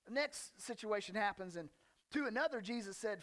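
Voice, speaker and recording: A male pastor preaching a casual, conversational sermon, folksy and joking with slang asides, and reading scripture with animated emphasis. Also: high voice, fairly quick.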